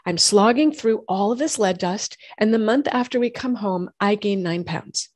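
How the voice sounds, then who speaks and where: A woman, a doctor and host telling her own health story in lively conversation, acting out what others said. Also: medium pitch, normal speed, no room sound. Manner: animated storytelling, acts out quoted voices. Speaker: functional medicine gynecologist and podcast host.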